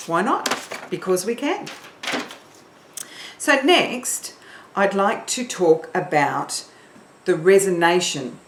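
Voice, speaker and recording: A woman singing teacher leading an online warm-up, encouraging and counting in her learners. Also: lowish voice, reverberant, a little hiss or hum.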